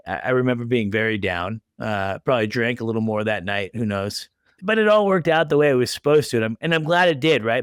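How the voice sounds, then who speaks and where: A man's voice: medium pitch, dry recording, clean studio sound. A man in his thirties hosting a podcast, telling stories in a chatty way and acting out the quotes. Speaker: podcast host. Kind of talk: casual interview chat.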